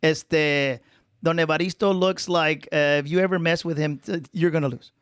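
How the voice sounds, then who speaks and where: A man's voice: fairly high pitch, steady tone, normal speed, smooth, dry recording, studio quality. A man from Texas hosting a podcast, chatting casually and switching freely between English and Spanish. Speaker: podcast host, mariachi musician. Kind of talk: casual bilingual chat.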